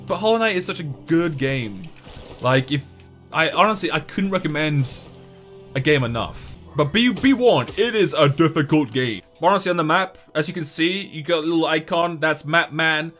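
A young man giving excitable, joking let's-play commentary while he talks to the game. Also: fairly high pitch, moderate pace, soft background music. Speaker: gaming YouTuber.

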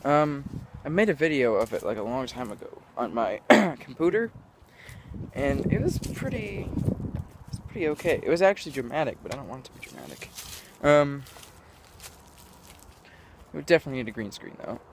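Outdoors in sunlight, a young vlogger with a mid-range voice and lively intonation rambles a little fast into a camera mic. He's scattered and self-mocking, loses his train of thought and laughs often. The recording is very noisy.

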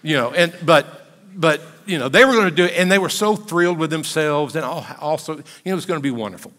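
An older man preaching from a church sanctuary, his voice a little higher than most men's, and his words ringing out in the long reverb of the hall. He speaks as a pastor telling a folksy, conversational story during a live sermon. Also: quick pace, fairly bright tone.

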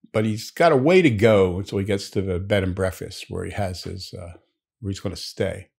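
A man's voice: on the low side, creaky, a little mellow, breathy edge. A man telling a long joke story in a leisurely, conversational way, with asides to the listener.

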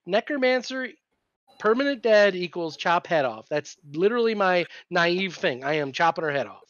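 A man's voice: high-pitched, lively intonation, moderate pace, fairly bright tone, no room sound. A man playing a tabletop game, joking and restarting his sentences as he talks over the others. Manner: joking, restless, many restarts. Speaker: player. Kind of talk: casual tabletop game chat. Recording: dull lo-fi sound, dry.

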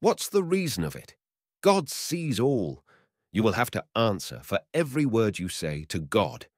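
A man voicing a tearful, frightened forester who speaks hoarsely and pleads. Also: on the low side, wildly swooping pitch, moderate pace, no room sound, clean studio sound, pitched above the performer's own voice. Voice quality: hoarse, squealing. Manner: pleading and pious.

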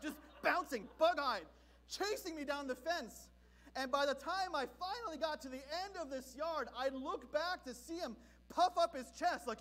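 A man from Southern California preaching a sermon as pastor, telling a story in an animated, comic way. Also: very high-pitched, fairly quick.

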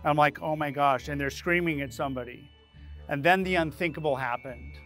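Animated male storyteller, slightly high voice. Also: fairly quick, soft background music. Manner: animated, acts out his own panicked lines. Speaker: leadership speaker and channel host. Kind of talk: dramatic personal storytelling to camera.

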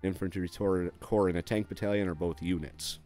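A man with a deep, low-pitched voice talks through a strategy game in a relaxed walkthrough. He reads the on-screen text aloud, adding fillers and dry little asides along the way. Faint music plays behind him. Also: brisk. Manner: frequent "uh" and "um" fillers. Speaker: gameplay video host.

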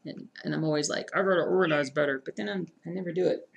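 Speaking quickly in a slightly low, gravelly voice, a casual woman streamer stitches cross-stitch and chats with her viewers. She's chatty and self-deprecating, answering chat and muttering to herself.

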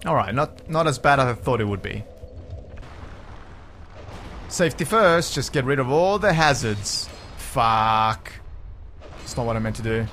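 A young man narrating his own video game play, swearing often and swinging between calm remarks and frustrated yells. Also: medium pitch, measured pace, pauses often, a little hiss or hum. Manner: swears a lot. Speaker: gaming YouTuber. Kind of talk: Let's Play commentary.

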